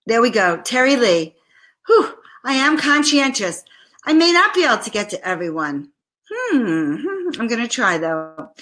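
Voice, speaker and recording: A middle-aged woman hosts a live spiritual card reading, her voice bright and forward. She talks effusively and chats along, greeting viewers by name as she passes on each message. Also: mid-range voice. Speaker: spiritual card reader and host.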